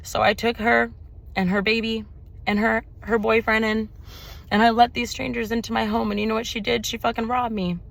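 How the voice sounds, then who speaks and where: A woman's voice: fairly high pitch, flat delivery, moderate pace, vocal fry, a bit bright. A woman giving an emotional personal testimony to her viewers. She swears freely, repeats phrases for emphasis and slips into preaching. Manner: preachy, addresses viewers directly. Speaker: spiritual vlogger.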